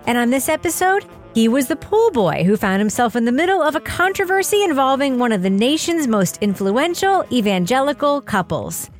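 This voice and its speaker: A woman hosting a podcast, upbeat and quick to laugh as she introduces her guests. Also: high voice, big pitch swings, faint music behind. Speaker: podcast host. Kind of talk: casual chat.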